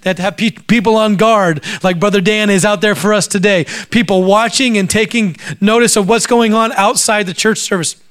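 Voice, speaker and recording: A male preacher with a notably high-pitched voice delivers a sermon in storytelling form. He acts out the voices of the people in his stories as he goes. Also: fairly even intonation, fairly quick, few pauses, a bit bright, clean tone. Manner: acts out quoted voices while telling stories.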